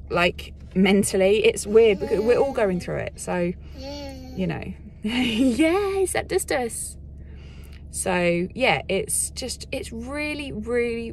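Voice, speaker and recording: A woman's voice: medium pitch, a little mellow, slight background noise. A young woman in a casual vlog, talking frankly and a little wearily, rambling with fillers and the odd swear word. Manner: rambling, frank, sweary, talks in baby voice to her child. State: unwell, hiccups. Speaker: vlogger.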